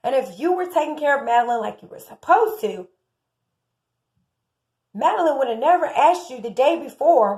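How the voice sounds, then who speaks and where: Impassioned high-voiced American woman. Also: expressive, normal speed, long pauses, a little mellow. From United States. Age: 30s. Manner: impassioned, indignant, rising in volume. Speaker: true crime commentator. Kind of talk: opinionated commentary.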